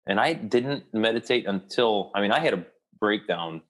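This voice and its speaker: Young actor, deep voice, loose rambling delivery, interview guest. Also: male voice, animated, fairly bright tone. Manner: rambling, with many restarts and pauses. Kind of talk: casual storytelling interview.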